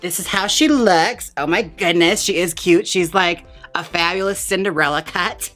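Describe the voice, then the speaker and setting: A man's voice: sits high, moderate pace, sharp tone, soft background music. A man chatting casually as he styles a wig and walks through each step. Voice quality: chatty and playful, talks while styling. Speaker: wig stylist and vlogger. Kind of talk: casual tutorial chat.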